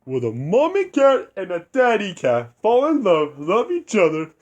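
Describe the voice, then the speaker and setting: A young man voicing a playful, cheeky talking cartoon cat, with a teasing, sing-song delivery that gets loud and bouncy. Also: sits high, wildly swooping pitch, a little slow, dull audio, full character voice.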